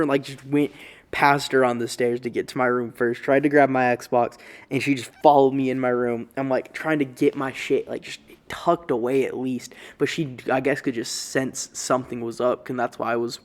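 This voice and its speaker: A man's voice: medium pitch, steady tone, moderate pace, a little mellow. A man casually telling a story-time vlog in a rambling way, full of swearing and slang. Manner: rambling, profane, loose slang. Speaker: YouTuber.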